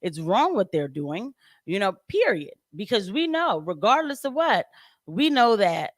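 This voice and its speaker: Animated, chatty woman hosting a livestream. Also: unhurried, dry recording, studio quality. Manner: animated, chatty, laughs often, leaps up in pitch. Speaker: livestream host. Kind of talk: casual political commentary livestream.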